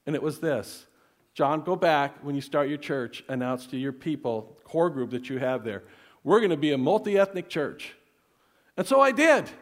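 Pastor guy preaching, kinda high voice, earnest storytelling, goes soft and hushed a lot. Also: lively intonation, normal speed. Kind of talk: sermon.

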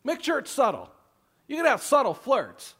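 High-voiced sarcastic male pastor. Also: moderate pace, slightly rough. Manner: sarcastic, mock advice with frequent laughs; animated, emphatic delivery. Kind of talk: sermon.

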